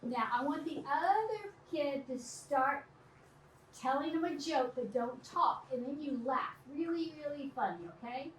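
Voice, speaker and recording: Speaking unhurriedly in a high voice, a middle-aged teacher leads her young pupils through an activity with lively direction and frequent laughter. The recording is roomy and distant, catching her from across an echoing, noisy classroom.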